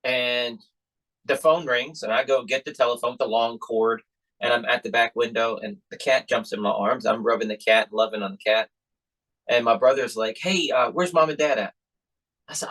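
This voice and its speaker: Animated man telling a family story. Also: mid-range voice, moderate pace, low-quality recording. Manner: animated storyteller acting out quoted voices. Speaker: podcast host, magician. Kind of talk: casual storytelling chat.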